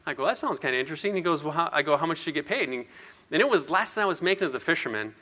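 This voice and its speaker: Man, 50s, rambling and self-deprecating event speaker, bright tone, hall reverb. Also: fairly high pitch, expressive, rapid-fire. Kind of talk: personal speech to an audience.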